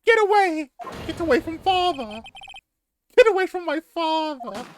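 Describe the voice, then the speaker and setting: Terrified little boy, panicked shrieks, very high , man doing the voice. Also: animated, measured pace, a little hiss or hum. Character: terrified young boy screaming for his father.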